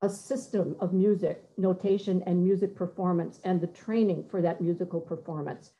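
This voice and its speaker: A woman's voice: on the low side, fairly even intonation, warm tone. Woman, middle-aged, composer on a muffled call; stop-start delivery, sings brief examples. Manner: halting, searching for words, sings short phrases to demonstrate. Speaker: composer giving a talk. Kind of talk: conversational talk with many fillers and restarts.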